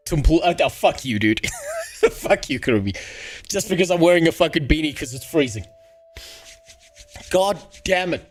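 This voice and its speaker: A man's voice: fairly high pitch, expressive, normal speed, pauses often, soft background music. Angry, profane male streamer. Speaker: livestreamer. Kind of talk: casual live-stream chat.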